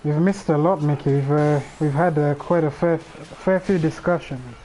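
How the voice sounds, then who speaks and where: A man's voice: a little high, normal speed, mellow, slight background noise, poor audio. A man hosting a casual livestream alone, thinking aloud in a rambling way with frequent restarts. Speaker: livestream host. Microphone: streaming microphone.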